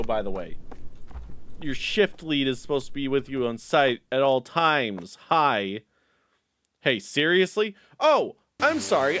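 A man's voice: medium pitch, a bit bright, a little hiss or hum. A young man giving joking, sarcastic commentary while playing a video game and bantering with its characters. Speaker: gaming YouTuber. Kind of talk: let's play commentary. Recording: game music behind the voice. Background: game music.

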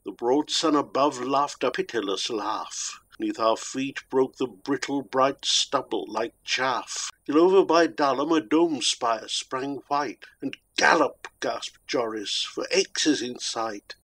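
A man giving a dramatic poetry reading with a measured, rhythmic delivery. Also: medium pitch, fairly bright tone, rough recording. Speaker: poetry reader.

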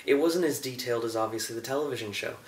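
A young man casually reviewing a TV episode, enthusiastic and acting out scenes in quick voices. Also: medium pitch, far from the mic. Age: young adult. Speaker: show reviewer. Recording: echoey room, a bit off-mic, faint hiss.

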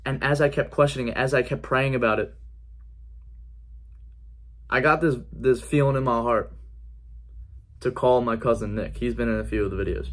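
A man's voice: medium pitch, steady tone, moderate pace, long pauses. A man giving an earnest personal faith testimony in a conversational vlog style, repeating key phrases for emphasis. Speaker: faith vlogger.

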